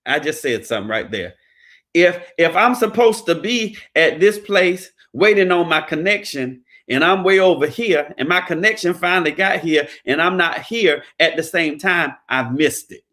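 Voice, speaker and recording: High-voiced preachy man. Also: pushed and bright. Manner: preachy, emphatic, folksy. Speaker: credit repair business owner. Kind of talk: motivational preaching-style talk.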